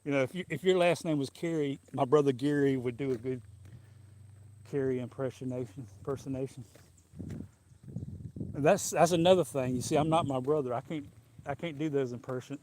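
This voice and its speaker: A man's voice: mid-range voice, a little fast, pauses often, a little mellow, a little hiss or hum. A man, talking casually to a live-stream audience outdoors in the sun, rambling and chuckling as he goes. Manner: rambling, chuckling, loose and jokey. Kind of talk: casual live-stream chat while walking.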